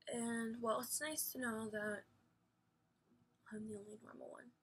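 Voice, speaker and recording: A woman's voice: on the high side, little pitch movement, a little slow, a little hiss or hum. A woman vlogger telling a personal story in an emphatic, rambling way, full of fillers and casual swearing.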